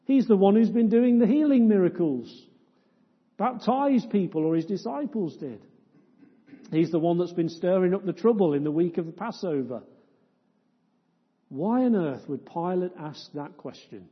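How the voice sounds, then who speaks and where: A man preaching a sermon in a church, firing off rhetorical questions and swinging between loud, impassioned stretches and hushed ones. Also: high-pitched, animated, moderate pace, husky. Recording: dull lo-fi sound with long church reverb.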